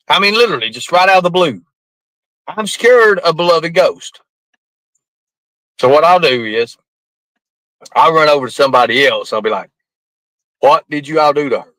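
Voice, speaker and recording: A man on a live stream rambles defensively and swears freely. His voice sits fairly high and sounds sharp and forceful. The sound is dry and close. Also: dry recording, poor audio. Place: outdoors at night in the rain.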